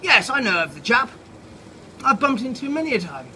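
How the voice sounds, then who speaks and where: A man voicing a barking military male ant sergeant, drilling and questioning briskly, recorded outside a pub. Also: very high-pitched, sing-song, pitched above the performer's own voice, exaggerated voice, rough recording. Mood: officious. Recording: loud outdoor background noise. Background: pub chatter and clinking dishes.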